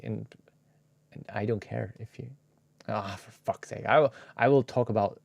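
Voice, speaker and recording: A man's voice: fairly low pitch, moderate pace, vocal fry, a little mellow, no echo. A man casually chatting with his live viewers while he edits a video, muttering to himself and now and then dropping into a whisper. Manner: laid-back, swears casually. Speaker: streamer editing a video live. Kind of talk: casual live-stream chat.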